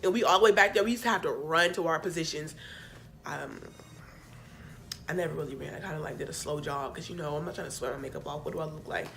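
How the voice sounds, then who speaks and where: A young woman casually telling a storytime, chatty and animated, with sassy asides to her viewers. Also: sits low, fast talker, gravelly, noisy background. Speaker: vlogger. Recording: faint background music.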